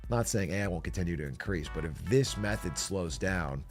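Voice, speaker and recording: A man's voice: low-pitched, animated, a little fast, soft background music. A man hosting a livestream, reacting in a casual, joking and profane way. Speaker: livestream host.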